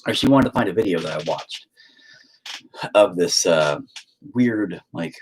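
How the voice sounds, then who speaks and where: A man's voice: low-pitched, expressive, a little slow, a little hiss or hum, poor audio. A man giving a casual, rambling monologue, emphatic and heavily profane.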